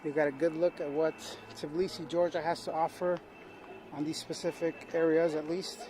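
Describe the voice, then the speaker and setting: A man with a fairly high voice talks straight to his handheld camera while climbing around outdoors. He chats casually and pokes fun at himself. Wind and city noise come through clearly on the outdoor mic. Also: flat delivery, normal speed. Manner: chatty, self-mocking, talks to camera. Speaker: travel vlogger. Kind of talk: casual vlog narration. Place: outdoors on rocky hills above a city. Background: traffic, car horns and dogs outdoors.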